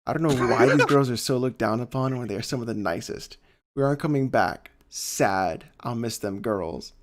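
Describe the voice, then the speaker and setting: A man co-hosting a casual podcast, retelling stories in a wry, deadpan way. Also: medium pitch, normal speed. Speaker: podcast co-host and streamer.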